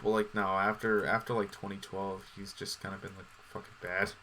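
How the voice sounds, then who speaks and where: A man's voice: low-pitched, flat delivery, brisk, pushed and bright, slight background noise. A man hosting a casual chat, rambling and swearing, with lots of fillers and restarts. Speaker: podcast host.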